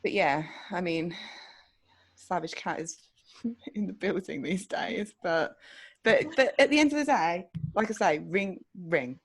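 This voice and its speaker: A woman's voice: lowish voice, animated, unhurried, husky. A woman co-hosting a podcast in casual chat, blunt and outspoken, swearing freely. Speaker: podcast co-host.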